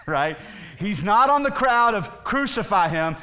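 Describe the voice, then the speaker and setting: A man's voice: high-pitched, very animated, slow, bright, forceful tone. A male pastor preaching a conversational sermon, briefly acting out the voices of the people in his story. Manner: conversational, acts out voices of the crowd.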